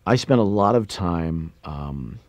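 A man chatting in a casual interview, wry and rambling with many pauses and fillers. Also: deep voice, expressive, dry recording, highs cut off. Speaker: voice actor interviewed about a game.

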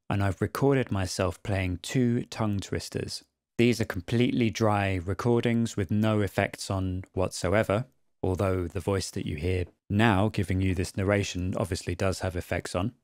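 A man narrating an audio production tutorial in a calm, methodical way. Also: lowish voice, normal speed, no echo, clean studio sound. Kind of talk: screen-recorded tutorial narration.

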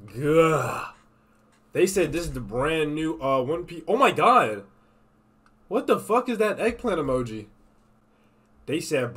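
Excitable young man reacting to clips. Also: a little high. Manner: profane, laughing, excitable. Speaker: streamer. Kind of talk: casual reaction commentary.

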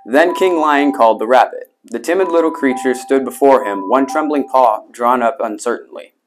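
A man's voice: medium pitch, normal speed, faint music behind. Man reading a picture book aloud. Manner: reads with spoken sound effects. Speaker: reader. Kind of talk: storybook read-aloud.

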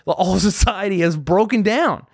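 A young adult man, a guest comedian, telling a story in casual chat, animated and swearing freely as he acts out voices. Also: high-pitched, unhurried, dry recording, clean studio sound.

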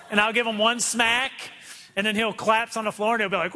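A man's voice: high-pitched, fast talker, sharp tone. A man in his thirties preaching a sermon in a conversational way, acting out quotes from his kids. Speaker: pastor. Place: church auditorium.

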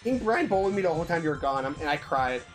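A woman's voice: low-pitched, expressive, quick pace. A woman chatting casually on a live gaming stream, playful and giggly, often stammering and repeating herself. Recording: game music behind.

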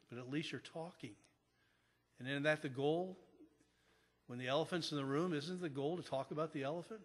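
A pastor preaching a sermon in an earnest manner, repeating key phrases for emphasis. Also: male voice, medium pitch, a bit bright. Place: church sanctuary. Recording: long church reverb.

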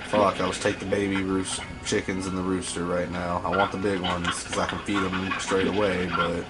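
A man's voice: sits low, level tone, moderate pace, over music. A man giving profane, scolding commentary while playing a video game. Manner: foul-mouthed, scolding the game creatures. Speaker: gameplay host.

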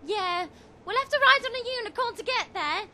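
A woman doing a high, whimsical oddball. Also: animated, very noisy. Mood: teasing. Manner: whimsical, drawn-out, singsong delivery. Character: eccentric woman making absurd demands.

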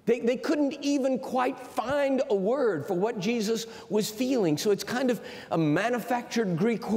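High-voiced man preaching a storytelling sermon. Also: a little mellow. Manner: storytelling, emphatic. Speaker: university president preaching. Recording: long hall reverb.

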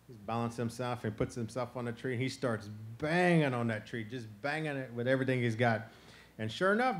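A man from Florida telling a traditional animal tale in a relaxed, conversational way. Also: medium pitch. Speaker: storyteller. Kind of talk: folk tale storytelling. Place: outdoor festival stage.

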